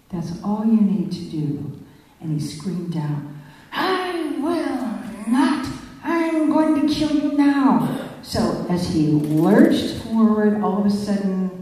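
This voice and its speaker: Dark-voiced woman telling a story. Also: on the low side. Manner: vivid storytelling with acted dialogue. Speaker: speaker. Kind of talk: storytelling talk. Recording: echoey hall from far off.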